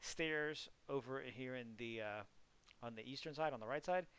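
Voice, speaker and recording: A man's voice: mid-range voice, normal speed, a bit bright, clean tone, dull audio. A young man running an online tabletop game as game master, describing the scene in a casual, filler-heavy way. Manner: casual, loose, many fillers.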